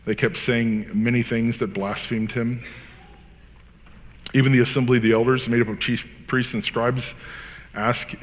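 A man's voice: medium pitch, fairly even intonation, moderate pace, long reverb tail. A man reading scripture aloud, then preaching in an earnest, conversational way with casual fillers. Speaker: pastor.

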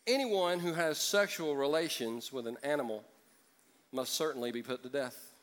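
A man's voice: mid-range voice, moderate pace, a bit bright. A man preaching a sermon as pastor, joking and acting out voices from the congregation.

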